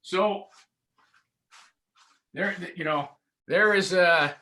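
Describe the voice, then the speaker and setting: A man, a sports broadcaster guesting on a podcast from his home studio, telling lively stories and acting out the voices of the people in them. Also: high-pitched, very slow. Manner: lively, acts out voices in anecdotes. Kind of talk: animated storytelling in casual chat.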